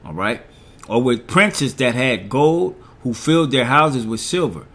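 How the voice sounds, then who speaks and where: Black man preaching, slow verses. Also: medium pitch, lively intonation, a bit bright. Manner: reads verses slowly, asks "all right?" after nearly every point. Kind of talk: scripture reading and commentary.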